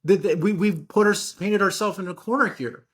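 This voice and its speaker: A man's voice: sits high, fairly quick, a bit bright. A man from the United States hosting a casual political discussion, earnest and prone to restarting his phrases.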